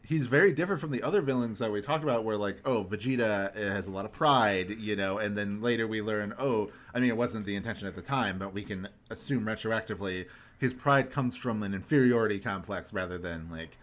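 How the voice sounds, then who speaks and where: A man's voice: fairly low pitch, a little fast. A young man hosting a podcast in casual chat, ranting animatedly and swearing for emphasis. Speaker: podcast host.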